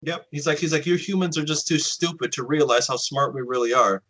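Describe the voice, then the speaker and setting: Podcast host, male, casual storyteller who acts out the quotes; bright voice. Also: a little high, a little fast, poor audio. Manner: animated storyteller, acts out quotes, swears often.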